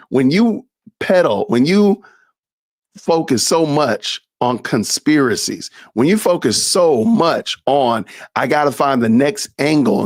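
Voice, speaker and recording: A man's voice: on the high side, no echo, studio quality. A man giving casual reaction commentary, incredulous and laughing, with folksy asides. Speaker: commentary streamer.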